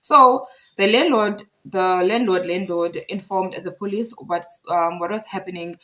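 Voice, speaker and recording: Animated woman telling a story. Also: mid-range voice, measured pace. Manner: animated, repeats phrases for emphasis. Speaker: storyteller vlogger. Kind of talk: casual storytime vlog.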